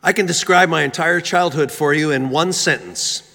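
A man's voice: a little high, normal speed, pushed and bright. A man from Philadelphia telling a humorous, self-mocking story in a sermon, with frequent fillers and restarts. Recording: reverberant church hall.

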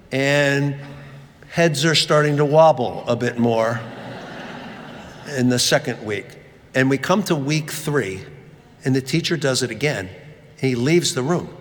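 A man's voice: medium pitch, a bit bright, a little hiss or hum. A man giving a sermon, telling a funny story and acting out the voices of the people in it. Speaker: preacher. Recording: long reverb of a large hall.

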